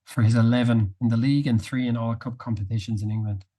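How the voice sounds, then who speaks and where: A man with a mellow, slightly husky voice chats on a podcast and quizzes his co-host. His delivery is measured, with a dry, wry tone. The voice has a soft, dark color. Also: medium pitch, fairly even intonation. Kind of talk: casual podcast chat.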